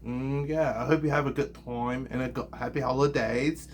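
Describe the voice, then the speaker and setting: A man's voice: medium pitch, fairly even intonation, moderate pace, slight background noise, lightly acted. A man putting on a jokey fake English accent. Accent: mock English. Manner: playful, rambling, self-mocking. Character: man playing himself with a mock English accent. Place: home studio.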